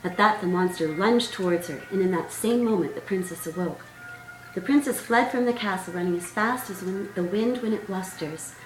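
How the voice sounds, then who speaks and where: A woman's voice: medium pitch, normal speed. Woman reading a storybook, roomy sound. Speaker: author reading her book. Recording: roomy sound, distant mic, faint music.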